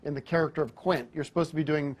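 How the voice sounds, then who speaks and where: A man's voice: on the high side, steady tone, fast. A man hosting a comedic film show, bossy and impatient, who swears when giving direction. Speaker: host.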